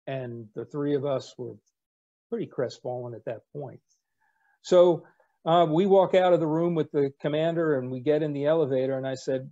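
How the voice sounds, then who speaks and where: Speaking at a moderate, easygoing pace, a sixty-something American man, formerly a navy captain, relates wry anecdotes loaded with casual fillers. His tone is warm and mellow at a middle pitch, captured on slightly dull, lo-fi audio.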